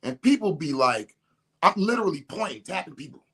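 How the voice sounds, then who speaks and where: A man's voice: on the high side, very animated, a little fast, bright, forceful tone, husky. Slangy man on a rant. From Detroit. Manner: emphatic, slangy, repeats himself. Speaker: podcast host. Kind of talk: casual spiritual rant.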